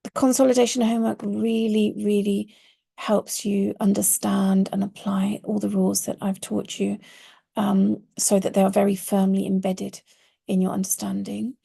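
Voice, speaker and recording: A woman's voice: medium pitch, little pitch movement, gravelly, mellow, husky. A woman teaching a class on Quranic Arabic, explaining earnestly and leaning hard on key words. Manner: earnest, stresses key words with slow emphasis.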